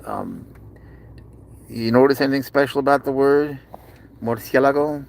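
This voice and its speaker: A man streaming live from inside a car, doting on his pet cat and often slipping into high baby talk. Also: huge pitch swings, normal speed, vocal fry, a little hiss or hum. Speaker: pet owner vlogger. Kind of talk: casual live-stream chat.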